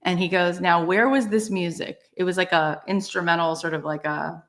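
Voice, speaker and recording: A woman guest in a conversational interview, telling a personal story in an animated way with exclamations and casual fillers. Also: on the low side, moderate pace. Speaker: podcast guest.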